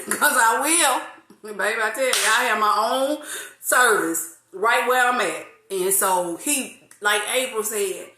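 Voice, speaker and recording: A woman in her forties hosting a casual faith talk, lively, laughing often and drawing out some phrases. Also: fairly high pitch, measured pace, roomy sound, slight background noise. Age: 40s. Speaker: host of an online faith talk.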